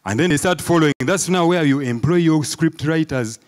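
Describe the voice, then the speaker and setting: A man with a Ugandan English accent doing a stand-up comedy set, telling animated stories and asking the crowd "eh?". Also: on the high side, a little fast. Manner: animated storytelling, acts out crowd voices, peppered with "eh?". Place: live comedy show before an audience.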